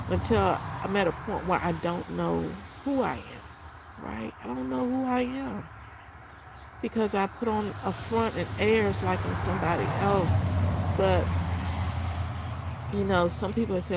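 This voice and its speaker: A woman's voice: mid-range voice, unhurried, gravelly, noisy background. A woman in her fifties talking off the cuff in an emotional, rambling vlog. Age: 50s. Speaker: vlogger. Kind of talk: unscripted casual vlog.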